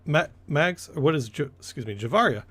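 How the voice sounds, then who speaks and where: A man's voice: a little high, expressive, moderate pace, fairly bright tone. A man running a tabletop game as game master, narrating loosely and correcting himself as he goes. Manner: rambling, corrects himself often.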